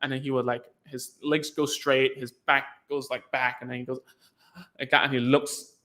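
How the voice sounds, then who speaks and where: A young man talks in a relaxed, rambling way, leaning on "like" between thoughts. His voice is bright and forward, sitting at an ordinary middle pitch for a man. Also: normal speed. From Hong Kong. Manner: chatty, heavy use of "like", acts out sounds and reactions. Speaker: podcast host, former ABA therapist. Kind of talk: casual explanatory talk.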